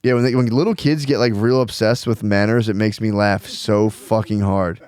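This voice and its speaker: A man with a fairly low voice tells stories on a podcast, jumping into quick voices for the people in them. The sound is dry and close to the mic. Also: clean tone, no echo. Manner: animated storyteller, acts out voices. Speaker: podcast co-host. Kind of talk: casual comedic chat.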